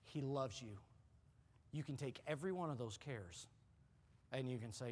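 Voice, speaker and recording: A middle-aged man preaching a sermon as a pastor, telling a story with repeated words and dropping low and soft for emphasis. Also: moderate pace, long pauses, husky. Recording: long hall reverb.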